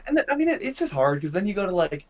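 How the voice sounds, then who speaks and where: A man's voice: high voice, very animated, rapid-fire. A young man co-hosting a podcast, chatting casually and breaking into laughter during his stories. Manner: laid-back, laughs while telling anecdotes. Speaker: podcast co-host. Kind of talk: casual chat.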